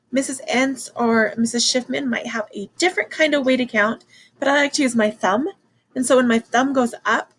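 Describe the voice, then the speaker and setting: A woman teaching a children's math lesson, excited and encouraging as she counts along with her class. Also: fairly high pitch, a little hiss or hum, rough recording.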